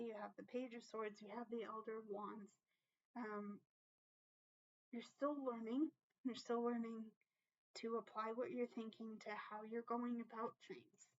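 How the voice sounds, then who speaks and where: A tarot reader with a fairly high, darkish-toned voice gives a casual reading to viewers, earnest and emotionally open. She keeps asking "okay?" and swears without fuss, and the audio sounds dull and lo-fi.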